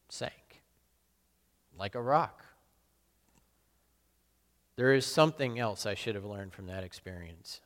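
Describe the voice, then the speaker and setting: A man playing the apostle Peter, a burly fisherman full of guilt, in a solemn, halting dramatic monologue. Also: lowish voice, a bit bright. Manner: solemn, halting and self-questioning. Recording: long reverb in a large hall.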